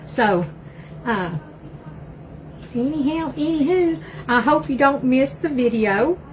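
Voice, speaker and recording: A woman's voice: on the high side, slight background noise, rough recording. An older woman with an East Texas Southern accent, chatting folksily to viewers as she cooks live in her home kitchen. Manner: chatty and folksy, says y'all a lot. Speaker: cooking livestream host. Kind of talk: casual live cooking chat.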